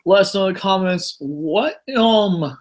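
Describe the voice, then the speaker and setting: A man's voice: high voice, measured pace. Laughing podcast host man. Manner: laughing, joking and swearing. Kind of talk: casual podcast chat.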